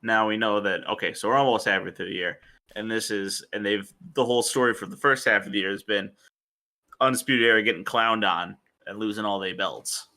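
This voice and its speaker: Podcast co-host, male, lowish pitch, very bright tense tone, rambling casual chat. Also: steady tone, brisk. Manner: rambling, self-correcting, laughs easily. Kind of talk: casual wrestling review chat.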